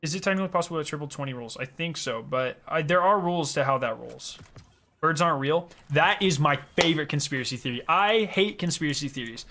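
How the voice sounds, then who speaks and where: A man's voice: a little high, lively intonation, quick pace, bright, forceful tone. A young man streaming a game, chatting casually with his viewers, joking and swearing as he laughs often. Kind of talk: casual live-stream chat.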